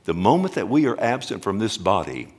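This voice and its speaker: A man preaching a sermon as pastor, earnest and animated, often restarting phrases and asking the congregation questions. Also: lowish voice, brisk, slightly rough.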